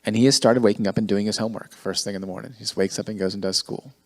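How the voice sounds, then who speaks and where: Low-voiced sincere man in his forties. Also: steady tone, racing. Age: 40s. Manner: warm, sincere, self-deprecating. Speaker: men's ministry leader. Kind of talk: casual group talk.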